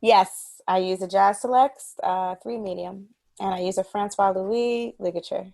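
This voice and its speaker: A woman saxophonist talking as a guest in a casual interview, telling stories in an animated way and laughing often. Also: medium pitch, measured pace, gravelly, dry recording.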